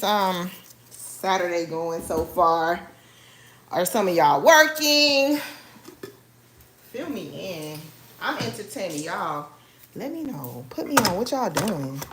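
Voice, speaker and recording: A woman's voice: mid-range voice, slight background noise. Chatty woman cooking live for viewers. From Haiti. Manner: chatty, addresses viewers as y'all. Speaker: cooking vlogger. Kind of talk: casual live cooking stream. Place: home kitchen.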